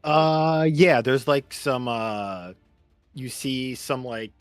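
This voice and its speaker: A man running a tabletop game as game master over an online call, relaxed and halting with many fillers. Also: medium pitch, smooth, no echo, soft background music.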